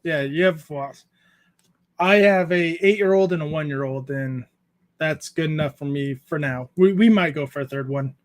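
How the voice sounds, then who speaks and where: A man's voice: a little high, normal speed. A man in his thirties hosting a casual creator chat, laid-back, swearing freely and laughing often as he tells stories. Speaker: podcast host interviewing a YouTuber.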